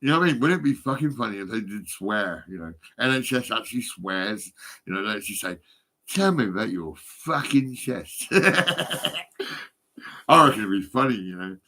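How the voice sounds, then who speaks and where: A man's voice: lowish voice, animated, fast talker, bright, forceful tone. Sweary, giggly man in his fifties. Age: 50s. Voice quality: sweary, giggly, rambling, often laughing. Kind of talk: rambling phone vlog monologue. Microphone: phone.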